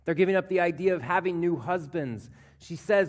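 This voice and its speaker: A man pastor preaching a sermon, earnest, dropping to a hush and then rising as he voices scripture. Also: sits high, brisk. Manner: earnest preaching that drops to a hush and swells when voicing scripture. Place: church sanctuary.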